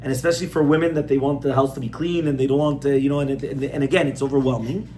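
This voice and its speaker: Rabbi teaching a small group; plain conversational delivery, repeats himself for emphasis, faint room noise. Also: male voice, mid-range voice, steady tone, fast, mellow. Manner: conversational, repeats points, asks audience rhetorical questions. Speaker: rabbi giving a class. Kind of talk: informal Torah class on parenting.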